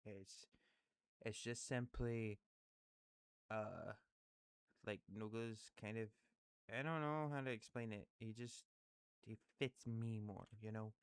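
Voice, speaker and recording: A man's voice: fairly low pitch, fairly even intonation, takes it slowly, long pauses, clear, resonant tone, dry recording. A man in casual rambling commentary, thinking aloud and apologizing often as he ranks favorite creators, full of fillers and restarts. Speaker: YouTuber ranking favorite creators.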